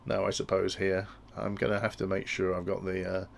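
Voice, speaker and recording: A man with a low, gravelly voice talks through a technical tutorial. He thinks aloud and often restarts his sentences. A faint hum of room noise sits under him. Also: completely flat delivery, normal speed. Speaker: instructor explaining industrial control.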